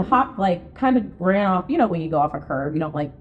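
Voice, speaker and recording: A woman co-hosting a podcast in casual chat, telling stories full of fillers and acting out her own quotes in a high voice. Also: animated, moderate pace, a little mellow. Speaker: podcast co-host, real estate marketing and sales director. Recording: dull lo-fi podcast recording.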